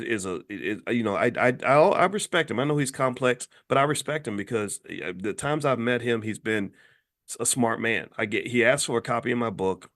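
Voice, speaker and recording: A man hosting an impassioned opinion commentary, swinging from low muttering to high outbursts. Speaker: host.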